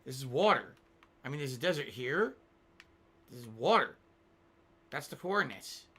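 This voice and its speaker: A man's voice: medium pitch, big pitch swings, moderate pace, bright, forceful tone, breathy edge. A man streaming a game live, rambling, thinking aloud and reading out viewer tips. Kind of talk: live-stream gaming commentary.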